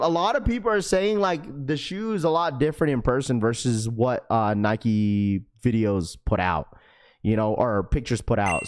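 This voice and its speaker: Young man, livestream host, energetic, slangy, talkative, casual chat. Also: medium pitch. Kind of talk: casual live chat with viewers.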